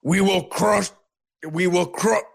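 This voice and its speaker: A man voicing a tough orc chieftain giving a battle speech to his clan, in gruff, choppy bursts. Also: sits high, fairly even intonation, slow, pitched above the performer's own voice, exaggerated voice. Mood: rousing.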